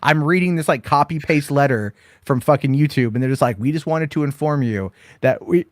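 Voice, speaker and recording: A man's voice: a little high, a little fast, no room sound. A man hosting a casual late-night movie chat, rambling through stories with lots of swearing and acted-out quotes. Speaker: host.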